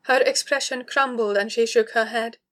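A woman narrating a story aloud in a steady, expressive way. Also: on the high side, moderate pace. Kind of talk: reading fiction aloud.

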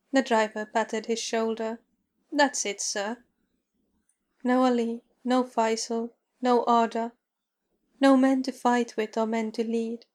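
A woman narrates a story at a slow, unhurried pace. Her voice sits rather high and stays flat and level throughout. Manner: measured, even. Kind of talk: storybook reading.

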